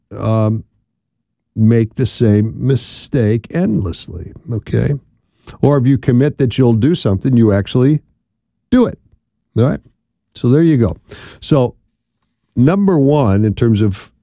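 Man, low voice, dark and mellow tone, dry close sound, casual advice talk, checks in with "right?". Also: measured pace, long pauses, no room sound. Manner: conversational, peppered with "right?" tag questions; acts out quoted lines in a raised voice. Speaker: marriage advice speaker.

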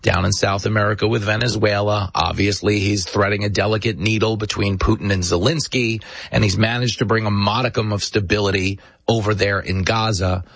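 Brief: emphatic male commentator, husky, dry close mic. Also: lowish voice, fairly quick, hardly any pauses, dry recording. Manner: emphatic, sarcastic, animated storyteller. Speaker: talk show host. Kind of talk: political commentary monologue.

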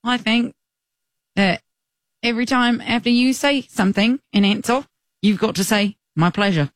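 A woman's voice: a little high, normal speed, no echo. A woman co-hosting a radio show, playful and giggly, trying silly accents during a game. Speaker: radio co-host.

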